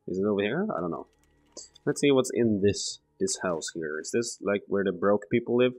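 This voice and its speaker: A man's voice: on the low side, expressive, moderate pace, darkish tone, soft background music. A man thinking aloud through casual gameplay commentary, rambling and swearing now and then. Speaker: let's play gamer.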